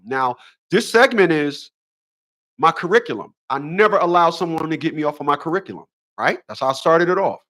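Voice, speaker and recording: A man's voice: sits high, fairly bright tone. A man hosting a relationship advice show, delivering a preachy solo monologue full of repeated rhetorical questions and emphatic short phrases.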